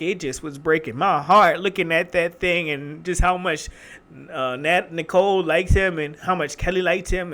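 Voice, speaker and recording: Male reaction vlogger, Philly accent, light high voice, chatty and emphatic. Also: pushed and bright. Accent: Philadelphia. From Philadelphia. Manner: chatty and emphatic, addressing viewers as y'all. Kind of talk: casual reaction review.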